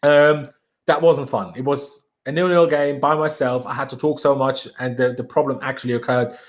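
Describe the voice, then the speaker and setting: A young man from Austria, whose first language is German, chats casually on a live stream, energetic and slangy as he hypes his viewers. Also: mid-range voice, moderate pace. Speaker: livestream host.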